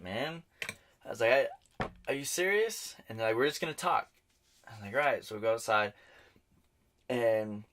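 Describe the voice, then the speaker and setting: A man co-hosting a podcast, telling a bar fight story in casual chat, swearing and acting out what people said. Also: deep voice. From New Mexico, US. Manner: animated, swearing, acts out quotes. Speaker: podcast co-host.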